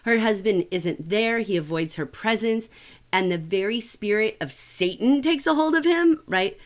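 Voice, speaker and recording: A middle-aged woman teaching a livestreamed literature class in an animated, conversational way, often checking in with "right?". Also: mid-range voice, normal speed.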